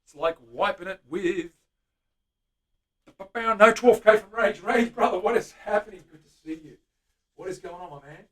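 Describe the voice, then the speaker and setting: Chatty man, high voice, off-mic. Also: normal speed, far from the mic. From Australia. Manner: chatty, greets viewers by name, hums to himself. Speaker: luthier host. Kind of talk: casual live-stream chat while working.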